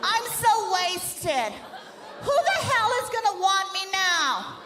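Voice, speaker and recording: A man doing a shrill whiny drunk young woman. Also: moderate pace, heavy background noise. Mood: drunk weepy. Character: young woman, drunk club-goer and dancers. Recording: live stand-up in a large hall with a laughing crowd.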